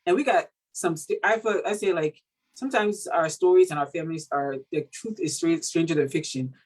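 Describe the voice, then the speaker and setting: A woman from Cameroon, an author being interviewed, talking in a casual, animated way with many fillers and laughs. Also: fairly low pitch, brisk, poor audio. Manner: animated, laughing, full of fillers like "you know". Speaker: author guest.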